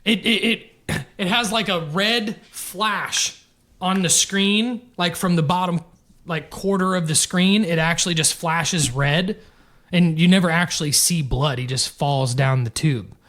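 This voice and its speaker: A man's voice: sits high, unhurried, fairly bright tone. A man co-hosting a podcast, chatting casually, explaining at length with some swearing. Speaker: podcast co-host. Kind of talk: casual chat.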